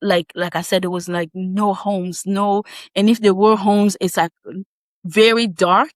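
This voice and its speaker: Woman guest telling a story, lively and chatty, dry close sound. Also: medium pitch, no room sound. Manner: animated, laughing, quick asides. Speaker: podcast guest. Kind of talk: casual storytelling.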